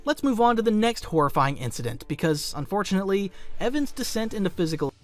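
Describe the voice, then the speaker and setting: A man with a high, lively voice delivers scripted narration, leaning into every dark turn with grave drama. His pitch swings widely as he builds tension. Soft music plays faintly underneath. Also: fast talker, no room sound. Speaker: commentary narrator.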